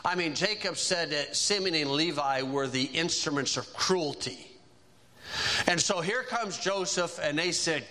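A man preaching in a conversational, animated way, retelling a story and acting out its characters. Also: a little high, unhurried. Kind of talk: sermon storytelling.

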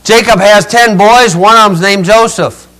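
An older male preacher retelling a scripture story in a folksy, dramatic way, swinging between loud rises and quiet drops. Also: high voice, normal speed, low-quality recording. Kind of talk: storytelling sermon.

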